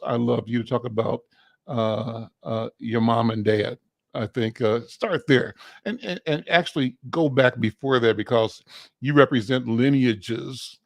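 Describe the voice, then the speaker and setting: A man hosting a community interview, speaking slowly and haltingly with many filler sounds. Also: medium pitch, gravelly, no room sound. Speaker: interview host.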